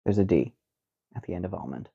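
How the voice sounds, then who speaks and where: A man's voice: sits low, animated, quick pace, vocal fry, slightly rough, narrow, tinny audio. A man co-hosting a casual podcast chat, playfully drawing out and enunciating words. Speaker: podcast co-host.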